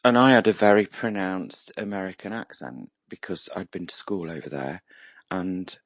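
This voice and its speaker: Deep husky Englishman chatting. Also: moderate pace, no room sound, highs cut off. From England. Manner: reflective, rambling with many ums. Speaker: roundtable participant. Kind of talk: casual chat.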